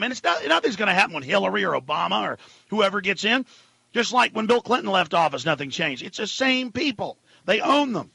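A male radio host in a ranting political monologue, dropping to low mutters and then rising to shouts. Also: very animated, brisk, creaky, slightly rough, no echo.

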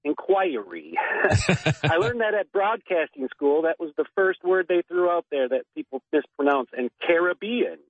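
Calling in to a talk radio show, a man rambles earnestly with drawn-out pauses, heard over a tinny phone line. His voice is fairly high in pitch, with no room sound.

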